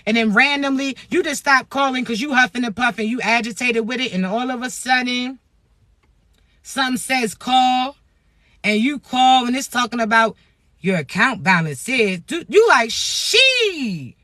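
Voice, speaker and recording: High, bright-voiced Floridian woman preaching. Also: normal speed, no room sound, clean studio sound. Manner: animated, preachy and profane, slangy. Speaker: spiritual motivational speaker. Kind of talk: spiritual pep talk to viewers.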